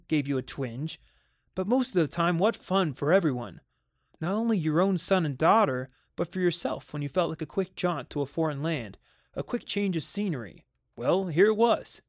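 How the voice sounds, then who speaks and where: A man reading a short story aloud in a measured, vivid storytelling manner. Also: on the high side, dry recording, studio quality.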